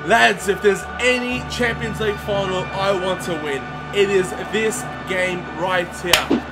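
Excitable young man, high voice. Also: unhurried, over music. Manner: excitable, swings from groans to yelling. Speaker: gaming commentator. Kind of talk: live commentary over a football video game.

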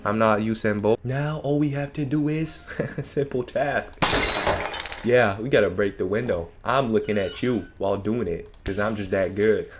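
A man's voice: fairly low pitch, moderate pace, background noise. A young man commentating a horror game, nervous and joking, often laughing and talking to the game and his viewers. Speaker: gaming YouTuber. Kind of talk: horror let's play commentary.

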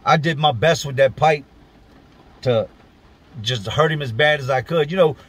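A man's voice: a little high, normal speed, husky. A man from Virginia telling a personal story on his vlog in a blunt, emphatic, profane way.

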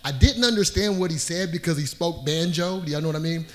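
A middle-aged man telling a funny personal story on stage, acting out the scenes and getting louder as the story turns to panic. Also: fairly high pitch, fast talker. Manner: animated, acts out scenes, voice rises when panicked. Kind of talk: live comedic storytelling.

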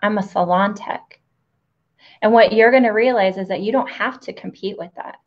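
A woman's voice: medium pitch, normal speed. Instructive woman host on dull audio. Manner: direct, instructive. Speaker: host, nail educator. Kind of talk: interview with teaching asides.

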